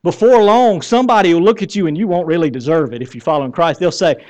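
High-voiced Southern preacher man. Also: normal speed, a little mellow. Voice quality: bearded. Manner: conversational preaching with questions to the crowd, wry humor. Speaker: pastor. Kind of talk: sermon.

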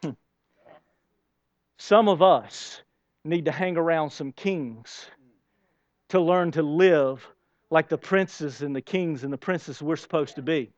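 A male preacher with a high voice delivers a sermon in church. He drifts between quiet, close talk and loud, emphatic bursts. The sound is dry and a bit dull and lo-fi. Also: slow pace, pauses often, dry recording. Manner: swings between soft and loud, emphatic storytelling. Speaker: pastor.

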